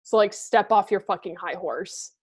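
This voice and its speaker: A woman's voice: medium pitch, moderate pace, a little mellow, slightly rough. A young woman in casual chat, blunt and full of fillers, swearing often.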